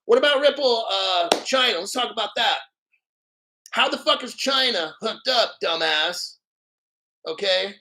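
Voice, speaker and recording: A man's voice: high-pitched, animated, a little slow, sharp tone. A middle-aged man hosting a crypto channel, ranting at viewers in a profane, mocking, combative way. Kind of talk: angry livestream rant.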